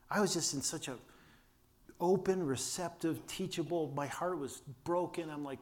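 Older male pastor, storytelling sermon, can't raise his voice, many restarts. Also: moderate pace. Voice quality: limited vocal power from vocal cord damage. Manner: storytelling, earnest, with many restarts and quiet low asides.

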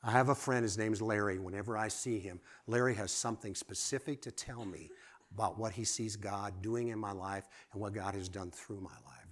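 A man preaching a sermon, lively and conversational, swinging from emphatic exclamations to quiet asides and asking the congregation direct questions. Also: lowish voice, moderate pace. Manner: asks the audience direct questions.

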